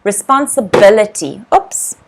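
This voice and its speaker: A young woman with an Australian accent teaching English vocabulary in a live online lesson, repeating each word slowly and greeting viewers by name. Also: mid-range voice, animated, background noise. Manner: slow, drilled word repetition.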